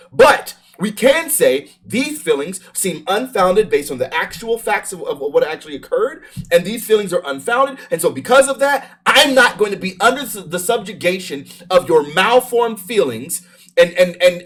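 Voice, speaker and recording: A man's voice: high-pitched, a bit bright. A man streaming live, reacting to a video in an emphatic, argumentative way with frequent restarts. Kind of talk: casual live-stream commentary.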